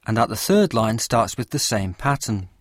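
A man reading a scripted lesson with a measured, careful explanatory delivery. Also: lowish voice, sing-song, noisy background. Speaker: teacher of poetry. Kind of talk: scripted lecture narration.

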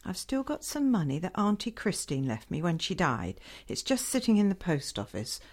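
A woman's voice: fairly low pitch, sing-song, moderate pace. A woman playing a stubborn middle-aged wife. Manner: defensive, determined.

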